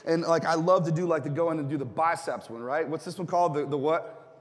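A fairly high-voiced man preaches to his congregation in a loose, joking way, with filler words, and keeps asking them to answer back. His voice rings out with a long reverb tail from the church hall. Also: brisk. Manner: casual, joking, asks the congregation questions. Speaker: pastor. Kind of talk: sermon.

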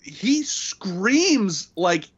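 A man's voice: high voice, big pitch swings, very slow, husky. A man co-hosting a casual podcast chat about a movie, rambling through scenes with lots of fillers. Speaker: podcast co-host. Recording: dull lo-fi audio.

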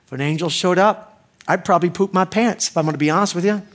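A man in middle age delivers a sermon with a relaxed, joking ease. His voice sits high for a man. He keeps asking the congregation questions as if chatting with them. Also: fast talker. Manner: joking, conversational, asks the crowd questions. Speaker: pastor.

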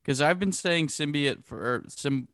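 A man chatting casually on a podcast, wry and joking with quick asides. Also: a little high, a bit bright, no echo, clean studio sound. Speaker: podcast co-host. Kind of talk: casual chat.

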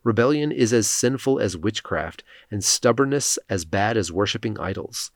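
A man reading the lines of a stern older male prophet who rebukes a king, in a solemn, steady reading. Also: fairly low pitch, normal speed, no echo, clean studio sound.

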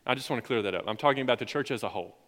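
Excited young preacher in a church. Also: male voice, mid-range voice, rapid-fire. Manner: lively storytelling, rising excited for stories. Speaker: youth pastor. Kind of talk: sermon. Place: church sanctuary. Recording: long hall reverb.

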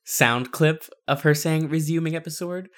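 Bright-voiced giggly man co-hosting. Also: fairly high pitch. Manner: giggly, jokey, quick asides. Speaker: podcast co-host. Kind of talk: casual gameplay commentary.

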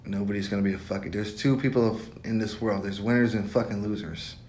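A man's voice: fairly even intonation, quick pace, darkish tone. A man giving blunt, profane dating advice in a casual podcast monologue. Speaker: podcast host. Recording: echoey room with faint rumble.

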